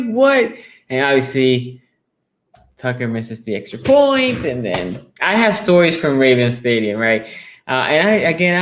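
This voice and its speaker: A male sports talk host chatting casually with his viewers, his voice sitting at an ordinary middle pitch. He rambles, doubles back on his words and reads comments out before answering. When a story grabs him, his voice jumps up high with excitement. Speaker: sports talk show host taking callers. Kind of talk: casual fan chat on a sports show.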